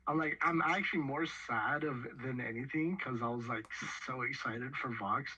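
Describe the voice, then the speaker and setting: A man who plays in a tabletop game, chatting casually in an animated, stammering way, often laughing. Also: mid-range voice, normal speed, husky, dull audio. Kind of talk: casual post-game chat.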